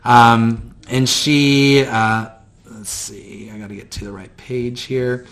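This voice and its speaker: A man narrates a tabletop game as game master at a slow pace. He pauses often with ums. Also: medium pitch, fairly even intonation, a bit bright. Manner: hesitant, many ums.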